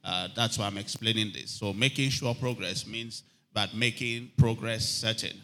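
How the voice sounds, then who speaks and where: A man's voice: fairly low pitch, fairly even intonation, normal speed, fairly bright tone, a little hiss or hum. A man preaching a sermon, calling for amens from the congregation and reading scripture aloud with rising emphasis. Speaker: pastor.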